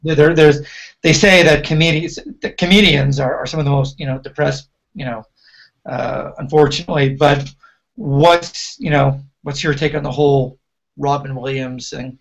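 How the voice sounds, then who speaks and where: A man's voice: a little high, fairly even intonation, moderate pace, gravelly. A male DJ hosting a casual interview over a video call, chatty and full of fillers. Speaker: DJ host.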